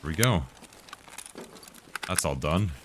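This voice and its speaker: Very deep-voiced man streaming a game. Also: animated, slow pace, background noise. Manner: chatty, answers viewer tech questions mid-play. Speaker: game streamer answering chat. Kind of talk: casual live-stream commentary.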